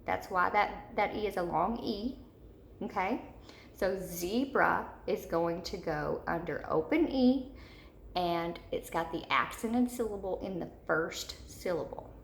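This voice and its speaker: A woman teaching a third-grade spelling lesson, patiently repeating each word slowly for young children. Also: lowish voice, creaky. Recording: echoey room with faint noise.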